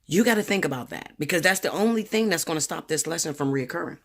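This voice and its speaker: A woman giving a casual tarot reading, talking bluntly and profanely with animated storytelling. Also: deep voice, fast talker. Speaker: tarot reader.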